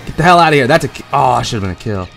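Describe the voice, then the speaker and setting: A man giving excitable, profane gameplay commentary, trash-talking and yelling at the screen. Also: mid-range voice, rapid-fire, creaky, soft background music. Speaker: gaming channel host.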